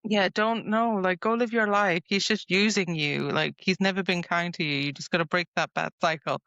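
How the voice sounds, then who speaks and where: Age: adult. Sex: woman. Tone: bright, dry. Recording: slightly muffled podcast audio. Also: lowish voice, dry recording. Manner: animated, acts out characters in quick put-on voices. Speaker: book podcast co-host. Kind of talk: casual book discussion.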